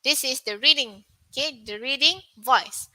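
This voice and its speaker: A young woman teaching an online English pronunciation lesson, asking viewers questions and repeating words slowly. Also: high voice, sharp tone, dry recording, rough recording. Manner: slow, repetitive, questions to viewers.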